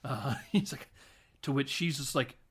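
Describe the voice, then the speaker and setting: A man's voice: medium pitch, unhurried, husky. A man hosting a podcast, loosely retelling a comedy film with profanity, frequent laughter and acted-out quotes. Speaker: podcast host. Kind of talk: casual film recap chat.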